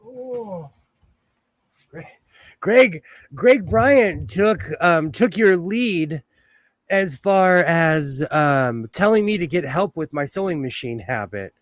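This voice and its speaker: A chatty American man with a high-pitched voice hosts a sewing live stream from home. He talks slowly and playfully, laughing often. The sound is close and dry, with no room echo. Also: animated. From United States. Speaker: sewing livestream host. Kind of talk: casual live-stream chat.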